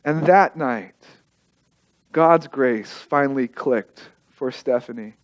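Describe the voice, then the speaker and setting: A male pastor telling a story in a sermon, emotive, repeating phrases and dropping soft at key moments. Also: medium pitch, slow pace, dull audio.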